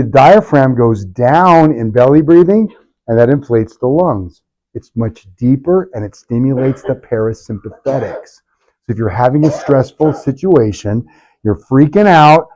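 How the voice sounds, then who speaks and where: A man's voice: mid-range voice, a little mellow. A middle-aged man, a chiropractor, leading a live workshop with punchy talk, sarcastic asides and constant rhetorical questions.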